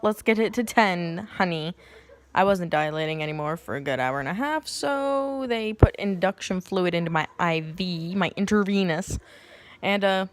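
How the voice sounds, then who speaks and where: A woman's voice: on the low side, normal speed, slight background noise. A young woman telling a personal story to camera in a casual vlog, acting out what people said in shifting voices, with crude jokes and laughter. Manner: animated, acts out quotes in shifting voices; crude, joking asides and laughter. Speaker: vlogger.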